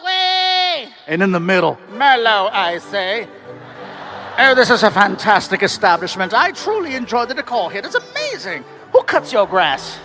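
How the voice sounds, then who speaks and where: Male stand-up comic, high pitch, animated storyteller, live show with music behind. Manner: animated storytelling, switches into put-on voices. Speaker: stand-up comedian. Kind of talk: stand-up comedy set.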